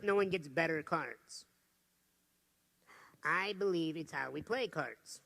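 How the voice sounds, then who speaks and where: A man giving an energetic, humorous motivational talk from a stage to a live audience. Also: sits high. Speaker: motivational speaker.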